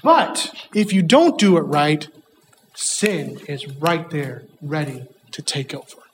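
A man voicing God as a patient father figure who calmly questions and warns. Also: a little high, takes it slowly, echoey room, a little hiss or hum, rough recording. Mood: coaxing. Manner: calm, coaxing, questioning.

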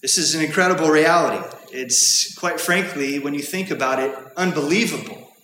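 Pastor guy preaching, earnest, high bright voice, big echoey church with long reverb. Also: a little hiss or hum. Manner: earnest, measured preaching with repeated emphatic phrases. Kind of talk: sermon. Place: church sanctuary.

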